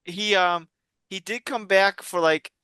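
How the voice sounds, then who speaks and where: Man, podcast co-host, bright and crisp, dry sound, rambling casual chatter. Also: high-pitched, fairly even intonation, measured pace, no echo. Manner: rambling, many restarts and fillers. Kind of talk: casual chat.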